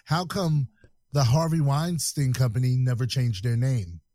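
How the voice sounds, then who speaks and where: A man on a casual podcast chat who talks in slang and throws in lively interjections. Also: mid-range voice, unhurried, no echo, clean studio sound. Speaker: podcast co-host.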